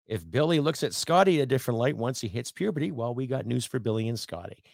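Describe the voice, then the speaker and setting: A middle-aged Canadian man hosting his own podcast, ranting bluntly and profanely, swinging from loud outbursts to low muttering. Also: animated, fairly quick, gravelly, no room sound, studio quality. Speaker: podcast host. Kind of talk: opinionated rant.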